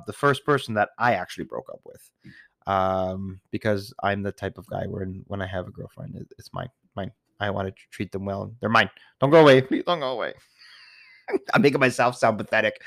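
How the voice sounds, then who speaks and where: In a casual storytelling monologue, a man recounts his own dating stories, rambling, laughing, restarting repeatedly and dropping the odd swear word. His voice is on the low side, and the audio is studio quality without echo.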